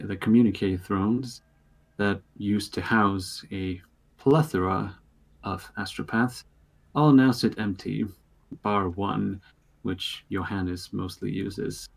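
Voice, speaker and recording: Guy running a tabletop game, lowish voice, lots of uhs and restarts. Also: vocal fry. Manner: halting, lots of filler words and restarts. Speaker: game master.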